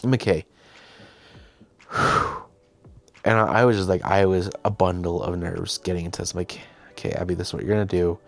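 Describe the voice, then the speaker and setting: A man's voice: low-pitched, fairly even intonation, brisk, vocal fry, long pauses. A young man hosting, casually telling a behind-the-scenes story, chatty and self-deprecating, often quoting himself and others. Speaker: host.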